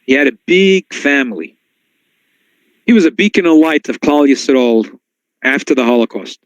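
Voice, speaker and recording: Male rabbi, sermon-style class, slightly high voice, dry and close, animated storyteller. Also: moderate pace, gravelly, dry recording, poor audio. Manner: storytelling, swings to high excited tones when quoting. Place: synagogue.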